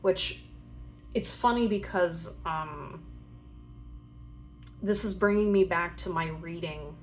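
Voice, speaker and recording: A young woman gives casual tarot readings in a fairly low voice at a slow pace, with a little hiss or hum in the background. Her chatty, rambling talk is full of fillers, and she acts out playful voices for imagined people.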